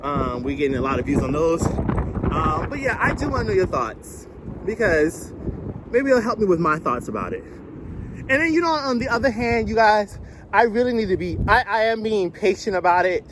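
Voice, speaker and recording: A young man with a high, light voice films a candid confessional on his phone while he walks to work on a cold, windy street. He talks in a loose, rambling way and laughs often, and faint traffic noise sits under his voice. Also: sing-song, normal speed. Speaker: vlogger. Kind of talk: casual confessional vlog. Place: outdoors on a cold windy city street, walking. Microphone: phone held at arm's length.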